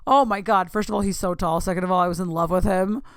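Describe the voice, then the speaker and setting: Gushing excitable woman, gravelly edge. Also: fairly low pitch, quick pace, no room sound, clean studio sound. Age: 30s. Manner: excitable, gushing, self-interrupting. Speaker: podcast host. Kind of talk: casual storytelling.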